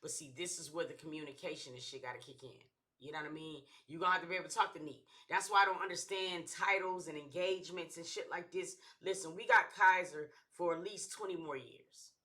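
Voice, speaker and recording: A man's voice: on the high side, fast, bright, forceful tone. A man hosting a reaction channel, giving casual slangy commentary and often checking in with "you feel me".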